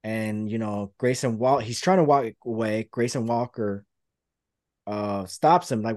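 A man's voice: fairly low pitch, unhurried, a little mellow, dry recording, clean studio sound. A man hosting a podcast, rambling through a play-by-play retelling in casual chat. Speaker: podcast host.

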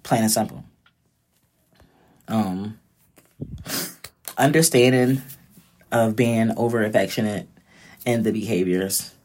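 A woman's voice: extremely low pitch, slow, pauses often, darkish tone. A woman in her thirties giving a blunt, profane, direct casual monologue as a vlogger.

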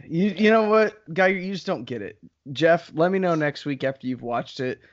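A man with a higher voice that swoops around a lot chats on a podcast. He jokes and playfully defends himself. The sound is muffled and lo-fi. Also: moderate pace. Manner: lively, playfully defensive, jokey. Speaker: podcast co-host. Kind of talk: casual chat.

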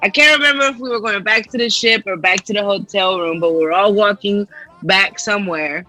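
A woman's voice: medium pitch, brisk, faint music behind, rough recording. A woman telling navy stories to friends in a casual, laughing way. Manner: laughing, relaxed, swears freely. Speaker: navy veteran telling a story. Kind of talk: casual storytelling among friends.

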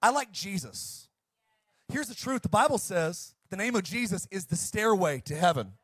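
Male pastor, middle-aged, high voice, passionate shouting sermon with quiet story passages, dry recording. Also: expressive, normal speed, breathy edge, no echo. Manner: fired-up, shouting preacher who swings down to soft storytelling.

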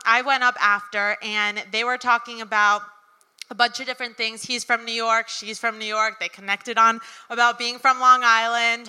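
A woman's voice: a little high, pushed and bright, clear, resonant tone. A young woman telling a personal story at a live event, chatty and full of ums and likes. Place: event venue with audience. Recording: reverberant hall.

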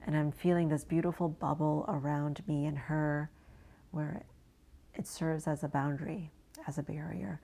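A woman from New England gently guiding an inner child visualization, speaking softly and slowly and often dropping to a hushed near-whisper. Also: low voice, steady tone, vocal fry. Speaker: inner child and energy work guide.

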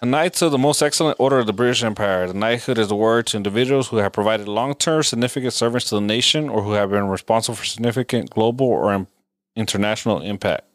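A man's voice: lowish voice, quick pace, dry recording, clean studio sound. A man in his thirties co-hosting a podcast, an easygoing storyteller who laughs often. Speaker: podcast co-host. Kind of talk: casual chat.

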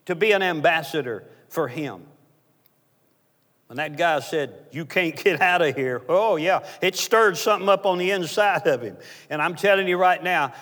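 A man with a fairly high voice preaches as a guest speaker. He mixes storytelling with call-and-response, asking the congregation to answer back. His voice rings out with a long reverb in a church hall. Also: a bit bright. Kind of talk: sermon.

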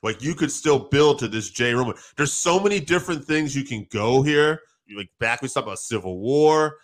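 A man co-hosting a casual wrestling talk show, excitedly recapping a match and swearing freely. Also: mid-range voice. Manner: excited, quick storytelling with acted quotes and profanity.

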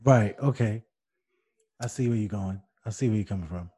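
A man's voice: lowish voice, normal speed, dark tone, husky. A man co-hosting a casual chat, laid-back, making dry quips and agreeing asides. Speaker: podcast co-host.

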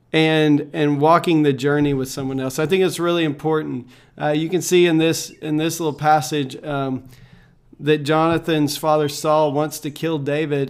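A man leading a devotional Bible reading, calm and measured, pausing with fillers as he reflects. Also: on the high side, vocal fry, smooth.

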